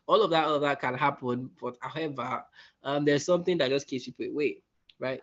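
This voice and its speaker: A man teaching a soft-skills workshop in a conversational way, often checking in with his listeners. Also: fairly high pitch, dull audio. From West Africa. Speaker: workshop facilitator.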